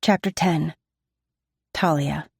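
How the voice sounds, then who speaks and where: Woman reading a romance audiobook, steady even delivery, creaky low voice, close dry mic. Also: slow pace, no echo. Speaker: audiobook narrator. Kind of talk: first-person audiobook narration.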